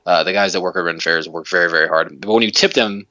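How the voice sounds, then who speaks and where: A low-pitched man rants on a casual podcast, passionate and profane, tripping over restarts as he goes. The sound is dull and lo-fi. The room is dry and close. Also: fast talker, sharp tone, dry recording. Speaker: podcast co-host. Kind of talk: ranting casual chat.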